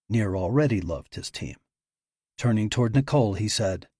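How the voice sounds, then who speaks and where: Husky guy reading a thriller audiobook, dry studio, steady pace. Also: fairly low pitch, moderate pace, dry recording. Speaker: audiobook narrator. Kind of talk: scripted narration.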